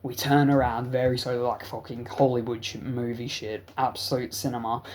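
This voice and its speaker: A man's voice: mid-range voice, flat delivery, moderate pace, a little mellow. A young adult man, telling a rambling, profane story as a vlog host. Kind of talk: casual storytelling.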